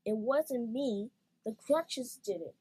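A woman's voice: a little high, animated, slow pace, a little mellow, husky, exaggerated voice, rough recording. A woman voicing a whiny, pouting little boy with a broken leg in a storybook. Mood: sulky.

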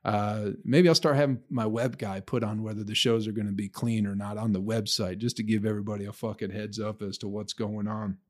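A man's voice: fairly low pitch, fairly even intonation, fairly quick, few pauses. A man, a stand-up comedian, talking in a loose, profane monologue and laughing at his own stories. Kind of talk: casual solo podcast monologue.

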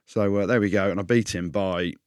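A man co-hosting a podcast, telling animated stories in casual banter and acting out other people's voices. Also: deep voice, fairly quick, smooth, no room sound, clean studio sound. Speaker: podcast co-host.

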